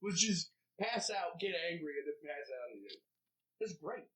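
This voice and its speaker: A man in casual podcast chat, telling animated, profane stories and acting out the people in them. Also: fairly high pitch, moderate pace, recorded from a distance. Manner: animated, profane storyteller who acts out other people. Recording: dull lo-fi sound.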